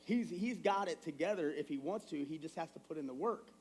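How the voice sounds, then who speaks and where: A man in his thirties delivers a sermon in a church with a slightly higher-than-usual voice. He talks in a casual, animated way, slipping into quick stories about his kids. His tone stays conversational rather than formal. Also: breathy edge. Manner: conversational, animated storytelling with acted quotes. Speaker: pastor. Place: church sanctuary.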